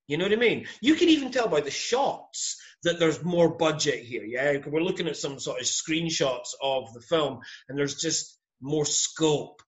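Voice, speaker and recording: Animated Scottish man, lively voice. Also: on the high side, unhurried, few pauses, lo-fi sound. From Scotland. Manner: animated, emphatic, says "mate" often. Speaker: podcast guest recommending films. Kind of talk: casual chat.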